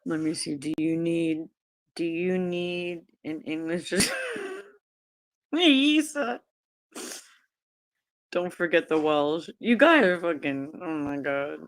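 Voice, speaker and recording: A woman's voice: fairly low pitch, lively intonation, slow, pauses often. A woman live-streaming, talking casually to her chat, laughing often and swearing freely. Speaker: livestreamer.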